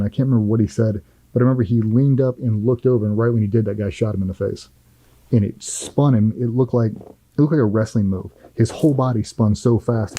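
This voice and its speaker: A middle-aged man tells a firsthand war story in a blunt, profane, vivid way. His voice is very dark and mellow, and it sounds dry and close, with almost no room around it. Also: on the low side, dry recording, rough recording. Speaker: former Navy SEAL guest.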